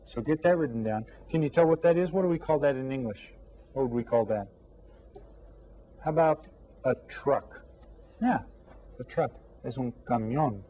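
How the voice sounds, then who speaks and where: A man teaching an elementary language lesson, drawing out each new word slowly and coaxing the class with friendly questions. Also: mid-range voice, warm tone, lo-fi sound. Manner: slow, drawn-out repetition of vocabulary for students. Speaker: Spanish teacher.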